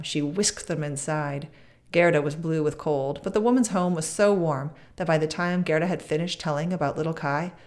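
Woman, low voice, storybook narration, measured, expressive. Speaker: podcast guest reading aloud.

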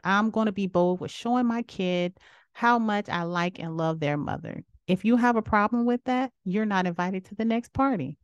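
A woman in her thirties hosting a podcast, giving outspoken, sassy opinions in a casual way, with sudden jumps from low murmurs to high exclamations. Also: no room sound, studio quality. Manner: sassy, outspoken, preachy asides. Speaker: podcast host.

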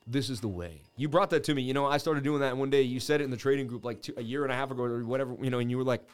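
A man's voice: mid-range voice, flat delivery, rapid-fire, clear, resonant tone, soft background music. A man in his thirties hosting a crypto trading livestream, rambling through charts in casual chat and laughing at his own jokes.

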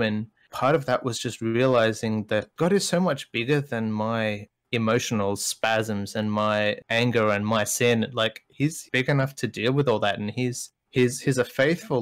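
A man co-hosting a podcast, speaking candidly and emotionally, sometimes pausing to search for words. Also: mid-range voice. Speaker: podcast co-host. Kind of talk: reflective faith discussion.

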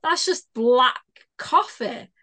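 A young British woman with a fairly high voice co-hosts a casual podcast. She is giggly and animated, breaks into laughter often, and swears without a second thought. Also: slow. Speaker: podcast co-host. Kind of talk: casual chat.

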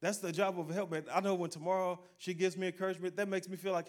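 A pastor with a high voice and flat delivery talks rapid-fire. He preaches a sermon in a folksy, conversational style, exhorting the crowd with call-and-response, calling out "amen" and acting out quotes.

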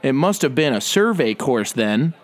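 A man's voice: medium pitch, sing-song, voice pushed up, natural voice. A man putting on a smug preppy college guy. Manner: smug, condescending and drawn-out. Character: entitled preppy male college student.

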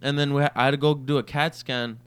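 A man's voice: medium pitch, quick pace, smooth. Young man telling a profane story. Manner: profane, animated storyteller acting out quotes. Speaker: podcast co-host. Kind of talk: casual storytelling.

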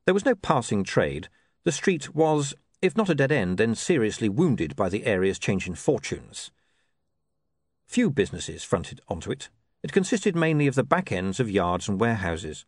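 A man's voice: fairly low pitch, very animated, normal speed, breathy edge, no echo. A man reading a comic novel aloud as narrator, with wry, dry storytelling. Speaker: audiobook narrator. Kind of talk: scripted narration.

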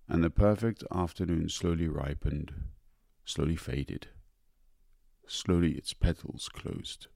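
A man narrating an audiobook of a short story in a measured, unhurried manner. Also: rumbling low, fairly even intonation, vocal fry, a little mellow, no room sound, clean studio sound.

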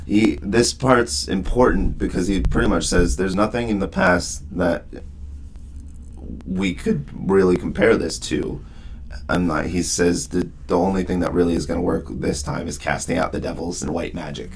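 A man co-hosting a casual book discussion, retelling scenes in a relaxed, rambling way with lots of filler words. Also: deep voice, normal speed, creaky, a little hiss or hum. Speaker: podcast co-host.

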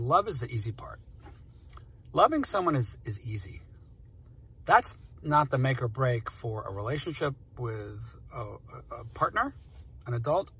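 Husky-voiced guy in his 40s, rambly emotional storytelling, keeps restarting sentences. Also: mid-range voice, fairly bright tone. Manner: rambling, emotional, self-interrupting. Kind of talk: casual personal storytelling.

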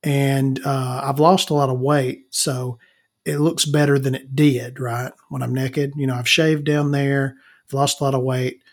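A man's voice: medium pitch, flat delivery, measured pace. A man hosting a podcast, telling crude stories in a rambling casual monologue and calling himself Victoria. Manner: frequent fillers and self-restarts. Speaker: podcast host.

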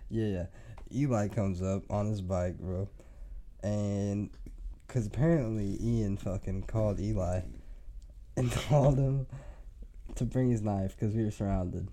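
A man's voice: on the low side, unhurried, long pauses, mellow. A young man telling a rambling, profane story on a podcast, laughing often. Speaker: podcast host. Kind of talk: casual storytelling.

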